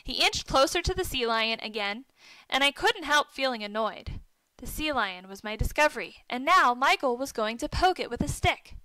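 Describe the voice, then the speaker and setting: A woman with a high, bright voice reads a children's story aloud. Her tone is clean and clear, and the recording is dry and close, with no room sound. She lifts her voice for the characters' shouted lines. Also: normal speed, no echo, poor audio. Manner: reads dialogue with lively lifts for the boys' shouts. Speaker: narrator.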